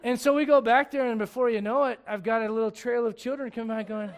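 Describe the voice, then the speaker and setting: A man preaching a sermon in church, humorous and animated, dropping to quiet asides and rising to shouts. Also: extremely high pitch, fast talker. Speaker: pastor.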